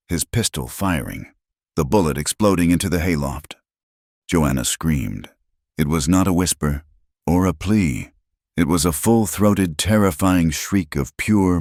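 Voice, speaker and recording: A man's voice: rumbling low, gravelly, darkish tone, no room sound, clean studio sound. A man narrating a frontier story in a dramatic, emphatic scripted style.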